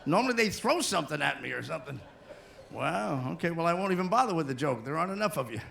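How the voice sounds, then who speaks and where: A man's voice: a little high, big pitch swings, fast talker, gravelly, a bit bright, a little hiss or hum. A man doing stand-up comedy as a cruise ship comedian, working the crowd and slipping into silly put-on voices. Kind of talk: stand-up comedy to a live audience.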